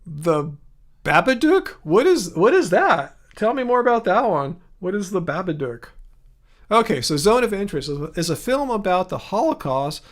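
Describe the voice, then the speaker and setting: A man hosting a casual livestream from his home studio, chatting with viewers and reading their comments aloud, thinking out loud with frequent restarts. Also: high-pitched, very animated, moderate pace. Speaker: livestream host.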